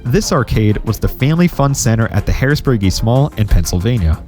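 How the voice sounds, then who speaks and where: A man narrating a scripted gaming history video in a steady, explanatory way. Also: medium pitch, a little fast, faint music behind.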